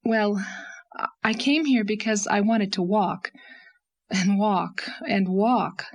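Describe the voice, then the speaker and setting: A woman's voice: medium pitch, lively intonation, takes it slowly, slightly rough, voice pushed up, exaggerated voice. A woman reading an audiobook, voicing a passionate, restless young woman in anguish, with an emotional, pleading delivery. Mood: distraught. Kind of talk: audiobook character voice.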